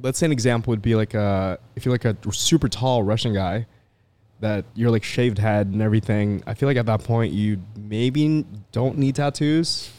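A man co-hosting a podcast, telling anecdotes in a relaxed, casual way. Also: fairly low pitch, normal speed, clean tone. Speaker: podcast co-host.

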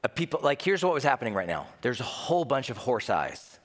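Animated male preacher in a reverberant hall. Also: medium pitch, brisk. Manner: animated, acts out quoted voices. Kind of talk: sermon.

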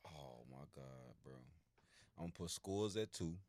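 A man's voice: a bass voice, lively intonation, measured pace, darkish tone, dry recording. A man co-hosting a casual podcast chat, insistent and repeating himself to hold the floor. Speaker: podcast co-host.

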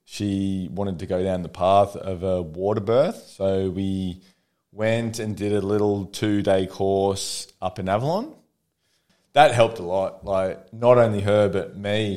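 A young adult man, a podcast guest telling stories casually, animated and laughing often. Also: low-pitched. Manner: animated, laughs often, acts out quotes in a raised voice. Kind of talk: casual storytelling.

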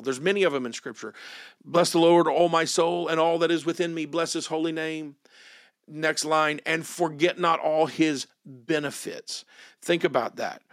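Pastor guy preaching, kinda high voice, keeps hammering phrases, dry mic. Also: a bit bright, no room sound. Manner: emphatic, repeats key phrases for stress. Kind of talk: sermon.

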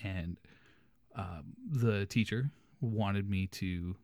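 A man's voice: fairly low pitch, extremely slow, mellow, no room sound, studio quality. A young man hosting a podcast, telling a funny story casually and animatedly, laughing as he goes. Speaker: podcast host.

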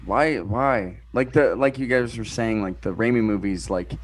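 A man's voice: lowish voice, moderate pace, a little hiss or hum. A young man co-hosting a casual movie chat, talking loosely with lots of fillers. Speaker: podcast co-host.

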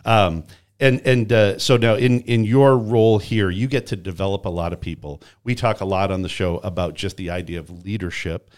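A man hosting a podcast interview, telling a story in a lively way and acting out the quoted voices. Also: lowish voice, normal speed. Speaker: podcast host.

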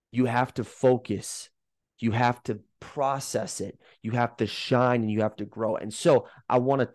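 A man's voice: medium pitch, darkish tone, no room sound, studio quality. Emphatic man giving a motivational pep talk. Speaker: fitness coach and podcast host. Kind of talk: motivational podcast monologue.

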